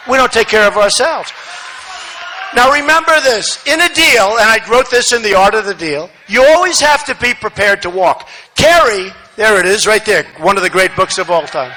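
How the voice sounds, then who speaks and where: Bright, high-voiced man shouting a rally speech. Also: slight background noise, low-quality recording. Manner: repetitive, emphatic, rambling asides; swings between shouting and muttering. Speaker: political speaker at a rally. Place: large rally venue, no seating.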